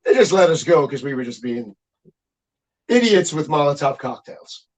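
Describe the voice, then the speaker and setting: A middle-aged man, a guest musician, telling stories in a casual, profane, animated interview chat. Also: fairly high pitch, moderate pace.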